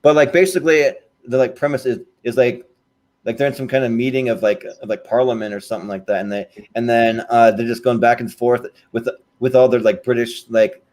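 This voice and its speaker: Young male co-host, halting delivery, fillers throughout. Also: mid-range voice, steady tone, darkish tone. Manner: hesitant, heavy use of "like" and fillers. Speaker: podcast co-host. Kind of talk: casual chat.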